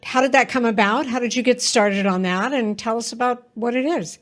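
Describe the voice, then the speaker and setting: A woman's voice: a little high, a little fast. Encouraging woman podcast host. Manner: warm, encouraging interviewer.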